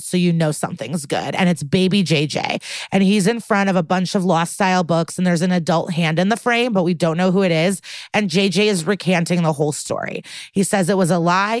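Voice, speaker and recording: A woman's voice: fairly low pitch, no room sound. A woman co-hosting a podcast, casually retelling a TV episode and laughing often. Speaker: podcast co-host. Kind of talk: casual recap chat.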